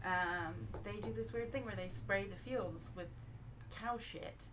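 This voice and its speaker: A woman's voice: mid-range voice, unhurried, distant mic, background noise. A woman from England chatting at a game table, making wry, amused asides to the audience. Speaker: player and co-host. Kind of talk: casual chat at a game table.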